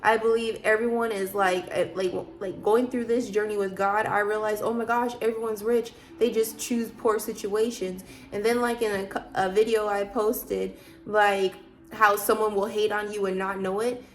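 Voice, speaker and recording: A woman's voice: mid-range voice, flat delivery, moderate pace. A woman vlogger talking casually about faith, emphatic and preachy, with many rhetorical questions. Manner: loose, chatty, frequent fillers. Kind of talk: casual faith talk to camera.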